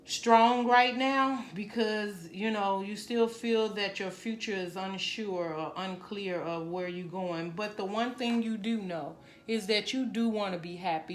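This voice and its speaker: A woman's voice: mid-range voice, slight background noise. Earnest woman tarot reader in echoey room. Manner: conversational, earnest, leans on "you know" and "right?". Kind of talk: tarot love reading to camera.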